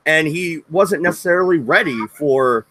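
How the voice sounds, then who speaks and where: Young co-host, blunt and profane, mid-pitch, light background noise. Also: moderate pace, pushed and bright, rough recording. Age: young adult. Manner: blunt, swears freely, reads chat questions. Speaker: co-host of a history stream. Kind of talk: casual debate with swearing.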